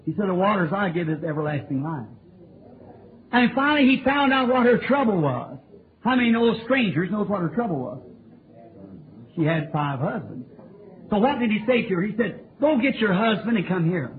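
A high-voiced man preaches a revival sermon, his pitch leaping and falling in a lively, sing-song way. He calls out questions to the congregation with fervent conviction. The sound is a tinny, phone-thin old tape recording with a faint hiss behind it. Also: normal speed. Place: church tabernacle.

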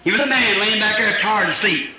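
A male preacher giving an impassioned revival sermon, swinging into shouts and acting out voices from scripture. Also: sits high, a little fast, a loud crowd. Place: church with congregation. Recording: lo-fi echoey church recording with congregation. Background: congregation responding.

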